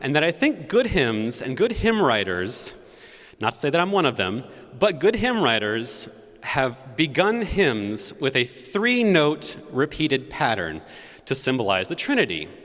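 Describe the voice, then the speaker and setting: The organist, a man of medium pitch with a fairly bright tone, takes his time as his voice swoops wildly up and down. He chattily recounts a new hymn's origin to the congregation as a concert introduction, demonstrating with sung note syllables, all under the long reverb of a large church.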